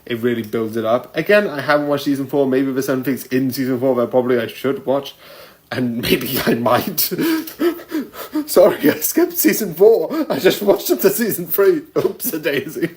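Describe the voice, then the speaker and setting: A man vlogging in a casual, rambling way, quick to giggle at himself. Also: medium pitch, recorded from a distance.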